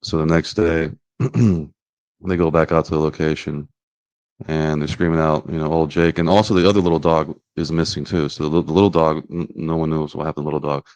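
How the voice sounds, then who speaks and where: A man tells a story in a loose, rambling way, full of fillers and restarts. His delivery stays flat and even, and the sound is dry and close. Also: rumbling low, a little fast, no echo. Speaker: podcast host retelling a story. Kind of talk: casual storytelling.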